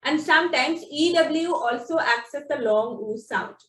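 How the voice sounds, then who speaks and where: Slow, high-voiced woman teaching phonics. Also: fairly bright tone. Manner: drawn-out, deliberate sounding-out of example words. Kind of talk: slow instructional explanation. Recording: echoey room, distant from the mic.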